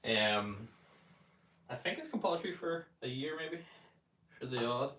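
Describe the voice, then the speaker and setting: A man with a Northern Irish accent hosting a livestream, reading out viewer comments quickly while practising his putting. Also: mid-range voice, expressive, a bit bright. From Northern Ireland. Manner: speaking quickly to keep up with the chat. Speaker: livestream host. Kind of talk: live-stream chat reading during putting practice. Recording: roomy sound from a distant mic with faint noise.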